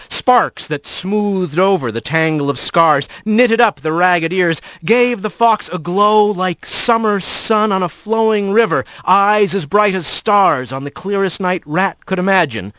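A man narrating a storybook in an expressive, storytelling way. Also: high-pitched, a little slow, hardly any pauses, dry recording. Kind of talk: audiobook narration.

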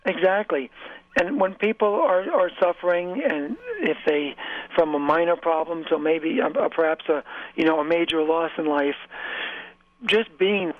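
A man's voice: on the high side, measured pace. A man guest speaking earnestly in a motivational interview, repeating phrases for emphasis. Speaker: author and guest. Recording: tinny phone line, dry.

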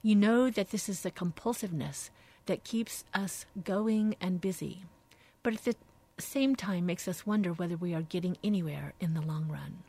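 Woman, radio host, slightly low voice, reading a devotional book aloud, slow, reflective, soft-spoken. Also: husky.

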